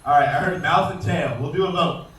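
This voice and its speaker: A man presenting a live alligator show, joking with and quizzing the crowd and calling out loudly to them. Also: on the high side, a little fast. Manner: calls out loudly to the audience. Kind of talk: live comedic animal demonstration. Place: outdoor show arena. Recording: echoey, distant outdoor recording with faint noise.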